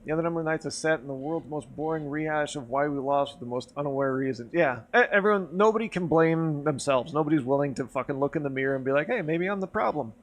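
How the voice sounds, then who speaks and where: A man's voice: a little high, quick pace, hardly any pauses. A man streaming and telling a rambling, profane story over a few drinks, getting worked up as he goes. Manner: rambling, profane, animated when riled. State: drinking, tipsy. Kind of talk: casual storytelling chat.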